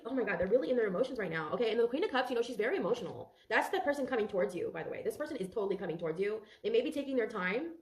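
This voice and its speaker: A woman's voice: mid-range voice, roomy sound. A woman giving a casual tarot reading, chatty and emotional, talking straight to her viewers and swearing now and then. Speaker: tarot reader.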